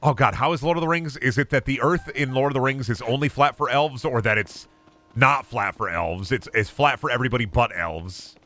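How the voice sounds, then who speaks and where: A young man giving casual, excitable play-by-play on a game stream, swearing freely and chatting to himself and his viewers. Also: mid-range voice, a little fast. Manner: excitable, swears a lot, talks to himself and chat. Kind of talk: casual gameplay commentary.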